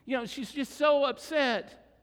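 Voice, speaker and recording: High-voiced man preaching in a reverberant hall. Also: a bit bright. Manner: dramatic retelling with acted quotes, slowing for emphasis. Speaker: pastor. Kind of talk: sermon. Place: church sanctuary.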